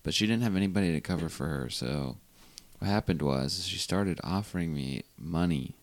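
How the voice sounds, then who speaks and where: Deep-voiced laid-back storyteller man. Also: moderate pace. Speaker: podcast co-host. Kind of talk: casual storytelling.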